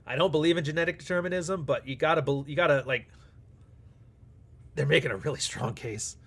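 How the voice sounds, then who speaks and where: A slightly fast, somewhat bright male voice on the high side belongs to a livestream host. He works through super chats bluntly and casually, dropping plenty of swear words and performing back-and-forth conversations.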